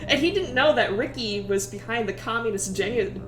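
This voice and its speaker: A young woman streamer retelling game lore in a casual, animated way, swearing and often breaking into laughter. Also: mid-range voice, measured pace, roomy sound, faint music behind.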